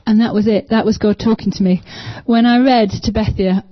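A church small group member shares a casual personal faith testimony, hesitant and full of ums yet enthusiastic. Her voice sits on the high side, unhurried with few pauses. The recording is dry with a dull lo-fi sound.

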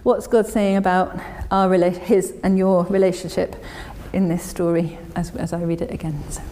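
A woman's voice: lowish voice, little pitch movement, normal speed, mellow, in a large hall, a little hiss or hum. A woman giving an informal, chatty sermon and reading scripture aloud, with many fillers and restarts. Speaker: church speaker.

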